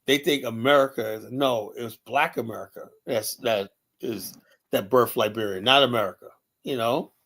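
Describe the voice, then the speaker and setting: A man's voice: mid-range voice, moderate pace. Talkative New York man. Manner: animated, rambling, frequent "you know". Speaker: show host. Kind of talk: casual opinion chat.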